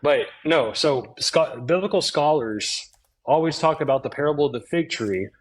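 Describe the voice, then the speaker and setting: A man's voice: on the high side, animated, normal speed, low-quality recording. A man calling into an online debate, talking in an insistent way and cutting in often. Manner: insistent, interrupting. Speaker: debate caller.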